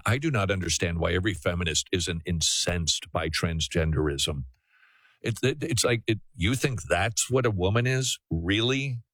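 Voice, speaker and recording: A man's voice: low voice, a bit bright, no room sound. A man hosting a call-in radio talk show, preaching earnestly and often restarting his sentences.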